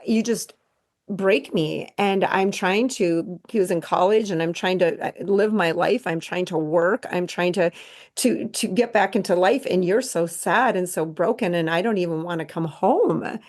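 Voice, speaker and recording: A middle-aged woman, a podcast guest, telling a painful personal story in an earnest, halting way, full of restarts. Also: on the low side.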